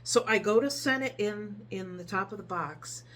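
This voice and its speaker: A woman telling a story casually in a vlog, animated and acting out the people in it. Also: mid-range voice, moderate pace. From Ohio, USA.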